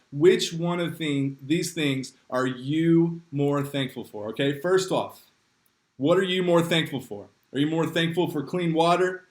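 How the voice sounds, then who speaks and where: A young man, leading a livestreamed youth group game, upbeat and joking as he reads names from the chat. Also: on the high side. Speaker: youth pastor. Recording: echoey room.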